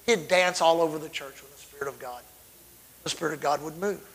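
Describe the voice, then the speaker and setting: A man's voice: on the high side, brisk, a bit bright, rough recording. A middle-aged man from Texas, preaching a sermon as a fervent storyteller whose volume swells and drops suddenly.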